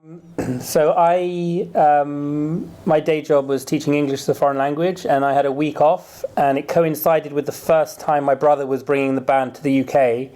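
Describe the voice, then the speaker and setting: A man's voice: a little high, level tone, moderate pace, mellow. A man, a film director, speaking in a casual radio studio interview and telling his story in a chatty, anecdotal way.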